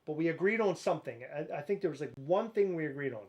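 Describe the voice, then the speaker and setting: A man's voice: on the high side, expressive, fast talker, darkish tone, highs cut off. A man hosting a casual livestream, playful and jokey. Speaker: livestream host.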